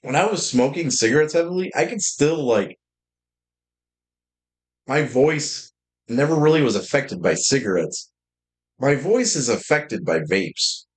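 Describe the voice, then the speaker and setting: A man streaming games in casual chat, talking in a deep, slightly loud voice and rambling with lots of fillers and restarts. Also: rough recording. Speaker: game streamer.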